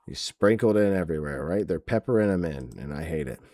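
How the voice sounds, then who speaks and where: A man's voice: sits low, lively intonation, fairly quick, mellow, no room sound. A man hosting a wrestling podcast, ranting sarcastically in casual chat with many fillers. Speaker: podcast host.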